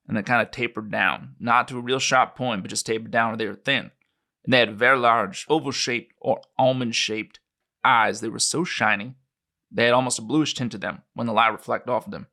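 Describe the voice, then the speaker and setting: A man playing a rural eyewitness who speaks in a put-on New Mexico drawl. He describes what he saw in a plain, halting way, with a bright, forceful tone. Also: medium pitch. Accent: put-on New Mexico accent. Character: rural American man recounting a crash witness account. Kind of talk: read-out interview transcript.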